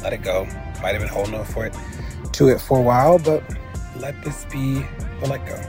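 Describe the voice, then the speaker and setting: A man hosting a podcast, talking in a relaxed, conversational way with lots of fillers. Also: medium pitch, brisk, over music. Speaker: podcast host. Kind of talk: casual podcast chat.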